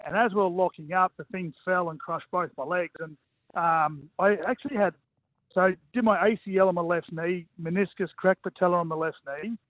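A man's voice: sits high, fairly quick, no room sound. A man in his forties with an Australian accent, a former footballer chatting casually as a radio guest over the phone, self-mocking and full of fillers. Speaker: guest, former rugby league player. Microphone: phone call. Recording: tinny phone line, dry.

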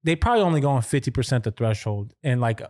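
Man, casual chat, animated, slangy, swears a lot, mid-pitched voice. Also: fast.

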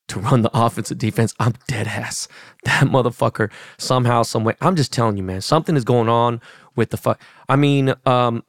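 A man's voice: mid-range voice, gravelly, no room sound, studio quality. A middle-aged man hosting a podcast, ranting profanely and animatedly about football, acting out what players said. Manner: profane, animated, acts out quotes. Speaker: podcast host. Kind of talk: casual sports talk.

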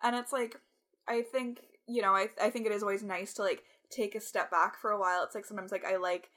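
A woman's voice: mid-range voice, fairly even intonation, fast talker, fairly bright tone. Chatty young woman podcast co-host. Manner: chatty, heavy use of "like", frequent laughs. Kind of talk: casual chat.

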